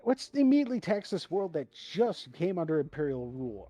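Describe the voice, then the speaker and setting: A man's voice: fairly high pitch, big pitch swings, brisk, dark tone, no room sound. A man co-hosting a casual podcast, telling stories and ranting with plenty of swearing. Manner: profane, ranting, storytelling. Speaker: podcast co-host. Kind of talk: casual chat.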